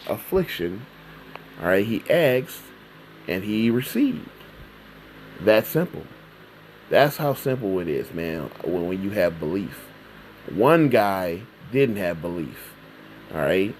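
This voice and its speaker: A man giving an informal sermon, reading scripture slowly and then retelling it in everyday words, often checking in with "all right?". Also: on the low side, a little mellow, a little hiss or hum, rough recording. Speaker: preacher.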